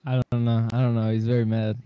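A man's voice: mid-range voice, little pitch movement, fast, clean tone, no echo, lo-fi sound. A man talking on in-game voice chat, indignant and protesting, swearing now and then. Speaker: game player.

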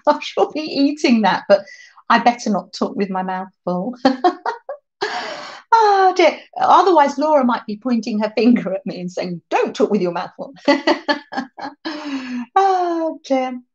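A woman's voice: on the high side, highs cut off. A woman hosting a craft livestream, chatting casually, reading out viewer comments and laughing often.

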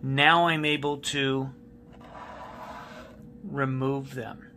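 A man's voice: medium pitch, fairly even intonation, drawn-out words, sharp tone, slight background noise. A male math teacher giving a recorded classroom lesson, patiently repeating key steps and asking students questions while he writes on a board.

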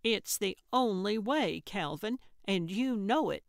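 A woman's voice: mid-range voice, animated, takes it slowly, vocal fry, no room sound, clean studio sound. A woman voicing a blunt, cantankerous old woman sleuth who talks in a snappy, indignant way.

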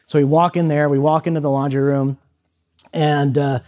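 A man in his thirties, a guest speaker at a high school, tells students a personal story in a loose, conversational way with many fillers. His voice is a little high and darkish, his tone level and his pace moderate.

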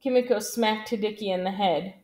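Female audiobook narrator, steady and even, mid-pitched. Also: brisk. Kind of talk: scripted narration.

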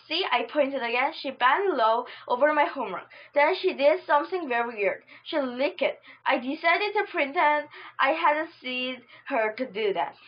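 A woman's voice: high-pitched, lo-fi sound. A woman reading a children's chapter book aloud in a plain storytelling way, with some slips and restarts. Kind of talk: amateur audiobook reading.

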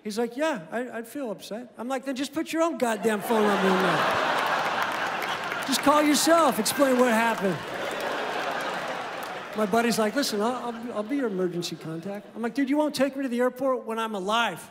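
A man performing a stand-up comedy set, telling deadpan stories and acting out both sides of phone calls. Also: extremely high pitch, normal speed, a loud crowd. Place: comedy club stage. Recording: live club recording with long reverb and room noise. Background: audience laughter and room ambience.

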